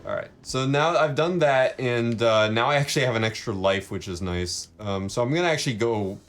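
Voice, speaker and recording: A man's voice: mid-range voice, brisk. A man chatting casually and joking while he plays through a video game. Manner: rambling, jokey. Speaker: let's play host. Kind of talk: casual gameplay commentary.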